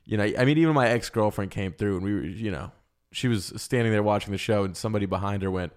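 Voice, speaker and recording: A young man hosting a comedy podcast, talking in a loud, crude, joking way. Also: fairly low pitch, quick pace. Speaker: podcast host. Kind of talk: casual comedy podcast chat.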